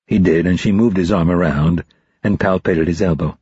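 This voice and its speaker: A man reading a novel aloud as a first-person narrator, in a measured, even delivery. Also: deep voice, slightly rough, dry recording, muffled recording. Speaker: audiobook narrator.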